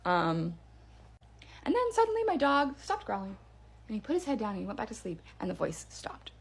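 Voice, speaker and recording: A woman's voice: a little high, huge pitch swings, fairly quick, breathy edge. A woman casually telling a first-person scary story in a chatty way, with fillers and restarts.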